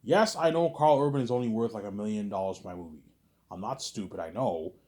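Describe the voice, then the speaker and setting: A man's voice: fairly low pitch, fairly quick, warm tone. A man talking through a rambling, repetitive monologue with a lot of swearing, reenacting conversations as he goes. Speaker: vlogger.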